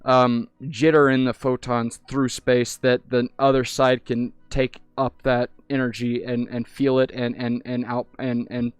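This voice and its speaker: A man's voice: mid-range voice, smooth, dry recording. A young man in casual chat in a VR hangout, rambling and swearing freely, stumbling over restarts as he talks into a headset mic. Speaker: VR streamer. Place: virtual reality hangout.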